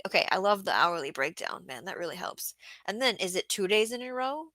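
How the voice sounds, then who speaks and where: A woman's voice: medium pitch, big pitch swings, a little fast, sharp tone, no echo. A woman hosting a casual livestream about market gardening, chatting and reading viewer comments aloud.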